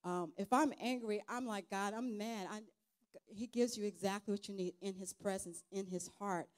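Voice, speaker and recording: A woman speaking as a guest at a church event, giving an informal testimony sermon in an earnest, halting, conversational way with many restarts. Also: medium pitch, steady tone.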